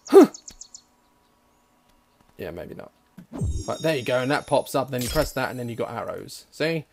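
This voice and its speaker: A young man giving jokey gameplay commentary; excitable, with frequent swearing. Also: mid-range voice, normal speed, vocal fry, music in the background. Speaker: gaming YouTuber.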